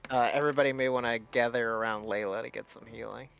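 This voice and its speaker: A man's voice: mid-range voice, steady tone, fast talker, gravelly. A man narrating as game master of a tabletop role-playing game, drawing out his words as he describes scenes and explains rules. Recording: dull lo-fi sound with faint music.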